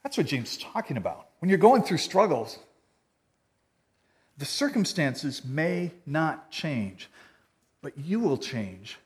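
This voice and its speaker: A man delivers a sermon in an earnest, conversational tone. His voice sits a little high for a man. He swings between loud, emphatic lines and quiet, soft passages. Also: big pitch swings, slow, pauses often. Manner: earnest, conversational preaching with wide swings in loudness. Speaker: pastor.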